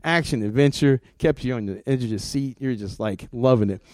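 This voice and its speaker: A man's voice: medium pitch, a little fast, darkish tone, no room sound. A middle-aged man, a comics art director, talking casually in an interview, rambling and repeating words, laughing often.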